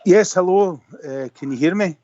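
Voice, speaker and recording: Glaswegian caller on a dull call line. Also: male voice, high voice, normal speed, mellow, a little hiss or hum. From Scotland. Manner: chatty, rambling with many fillers. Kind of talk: casual phone-in chat. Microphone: computer call.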